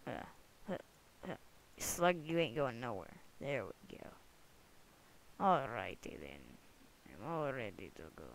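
A young adult rambling jokily through gameplay commentary, breaking into sudden excited whoops now and then. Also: mid-range voice, vocal fry, a little hiss or hum, low-quality recording. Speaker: gamer recording gameplay commentary. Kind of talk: casual let's-play commentary. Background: other people talking in the room.

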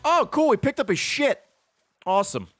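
A man giving casual, profane commentary while streaming a video game, with excitable running reactions. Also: very high-pitched, normal speed, music in the background.

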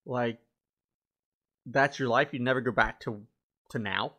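A man co-hosting a podcast in casual chat, playful, posing questions and often trailing off softly. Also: medium pitch, measured pace, muffled recording. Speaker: podcast co-host.

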